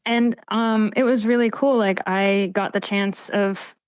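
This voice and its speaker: A young woman from Canada chatting casually as a podcast guest, animated and laughing often, with lots of "like.". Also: medium pitch, unhurried, clear, resonant tone, dry recording, lo-fi sound. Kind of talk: casual chat. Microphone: remote call mic.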